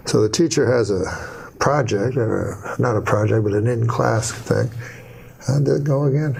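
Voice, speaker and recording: A gravel-edged, mid-pitched male voice that rambles through a joke with dry, deadpan timing and a folksy lilt. Faint background noise sits under the talk. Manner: dry, meandering, folksy storytelling. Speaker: talk show guest.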